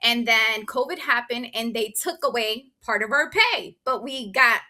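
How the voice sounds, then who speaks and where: Woman, interview guest, high voice, bright tone, animated storytelling. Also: a little slow. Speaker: business owner and guest. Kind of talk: casual interview chat.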